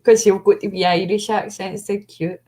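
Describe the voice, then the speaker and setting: A woman's voice: medium pitch, a little fast, slight background noise. Chatty Scottish woman telling stories. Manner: chatty, animated storytelling with fond imitations. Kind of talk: casual chat.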